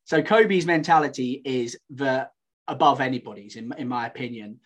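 A man's voice: medium pitch, moderate pace. A man talks hoops on a podcast in a laid-back, friendly way. His voice sits in an ordinary middle range, and his delivery is loose and conversational. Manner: easygoing, laughs often, says "mate" a lot. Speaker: podcast co-host. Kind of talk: casual sports chat.

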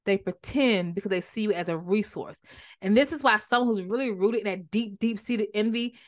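A woman teaching the Bible on a podcast, animated and conversational, repeating words for emphasis. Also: mid-range voice, normal speed.

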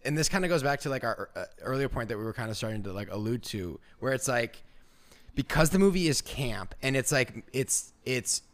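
A man's voice: medium pitch, animated, brisk. A young man hosting a podcast, chatting casually and rambling with constant "like" fillers. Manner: rambling, fills every phrase with "like". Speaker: podcast host. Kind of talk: casual chat.

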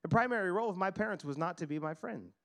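Male pastor, middle-aged, high voice, earnest sermon delivery with repeated words. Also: lively intonation, racing, a bit bright.

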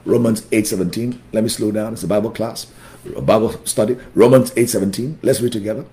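A man preaching at a Bible study, fervent and emphatic, repeating key words and swinging between loud and soft. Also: mid-range voice, lively intonation, moderate pace. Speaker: pastor leading a Bible study. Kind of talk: sermon.

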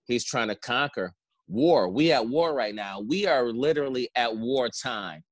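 A man's voice: medium pitch, lively intonation, unhurried, dry recording. A man in casual conversation who rambles and often asks "you know what I'm saying". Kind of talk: casual chat.

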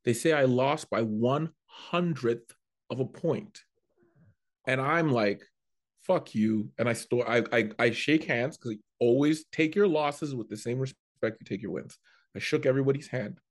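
A man, a comedian, telling a story in a casual chat, animated and prone to restarting his sentences. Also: mid-range voice, normal speed. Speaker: comedian guest.

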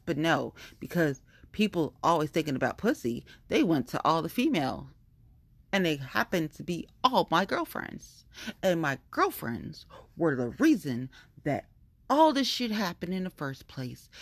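A woman rants in a heated, profane monologue, circling back to the same complaints again and again. Her voice sits low, and it is recorded close and dry with no room sound around it. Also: no room sound. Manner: profane, heated, repetitive venting. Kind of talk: casual ranting monologue.

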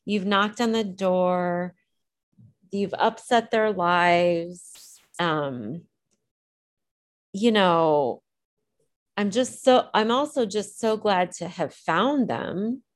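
A woman's voice: on the low side, lively intonation, slow. A woman being interviewed, telling a personal story in a reflective, hesitant way, choosing her words with care. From Illinois. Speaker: interview guest.

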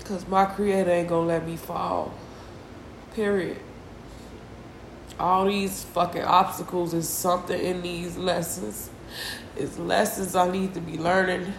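A distressed, tearful woman hosting a solo confessional podcast, venting slowly and heavily with sighs and a lot of swearing. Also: lowish voice, little pitch movement, vocal fry, roomy sound, slight background noise. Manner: slow, heavy, profane venting with sighs. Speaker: podcast host.

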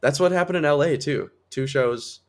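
A man co-hosting a podcast in casual chat, rambling excitedly and filling his talk with "like". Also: a little high, moderate pace. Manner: rambling, heavy use of "like", excitable. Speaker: podcast co-host.

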